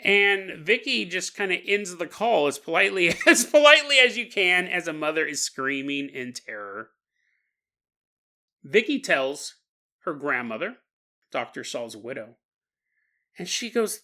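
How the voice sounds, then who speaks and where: A man's voice: high voice, big pitch swings, measured pace, bright, forceful tone. A man hosting a podcast, telling a spooky story in a casual way with chuckling asides. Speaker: podcast host. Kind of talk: storytelling narration.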